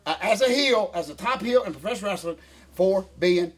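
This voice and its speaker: An older man, ranting in a folksy, animated way as co-host of a casual chat. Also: high-pitched, brisk, husky. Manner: folksy, animated rant with Southern phrasing.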